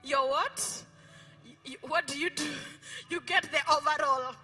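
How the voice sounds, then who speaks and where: A middle-aged woman pastor with a Kenyan accent, preaching a lively sermon in a church, playful and quizzing her congregation. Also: high voice, measured pace. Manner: playful, code-switching, asks the congregation questions. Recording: music behind the preaching.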